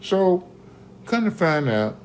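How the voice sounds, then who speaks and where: A man telling a casual story in an animated, slangy way, often restarting mid-sentence and tossing in "man.". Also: high voice, slow, slight background noise.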